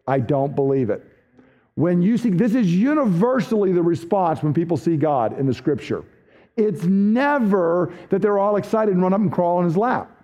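A man preaching a sermon as a pastor, emphatic, dropping low and slow when he quotes scripture. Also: animated, dark tone, lo-fi sound.

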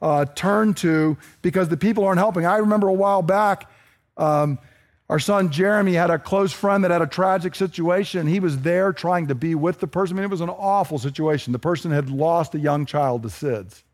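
A man's voice: sits high, brisk. A middle-aged man preaching a sermon as pastor, earnest and building to emphatic intensity.

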